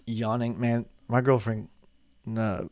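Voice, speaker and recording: A man's voice: medium pitch, steady tone, slow pace, a little mellow, dry recording, clean studio sound. A man in his twenties talking casually into a desk microphone at home, rambling off on tangents while sleepy and yawning. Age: 20s. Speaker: vlogger.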